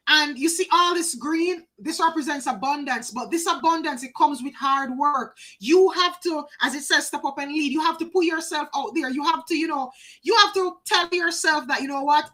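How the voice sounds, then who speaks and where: A woman's voice: high voice, bright, forceful tone, rough recording. A woman doing a live oracle card reading, chatty, talking to viewers by name and repeating phrases for emphasis.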